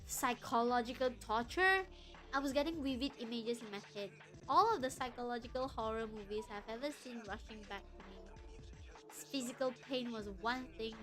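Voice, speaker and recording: A woman streamer reading horror stories aloud and chatting to her viewers between passages, giggly and quick to apologize. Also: a little high, rough recording. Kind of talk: reading stories aloud with live chat asides.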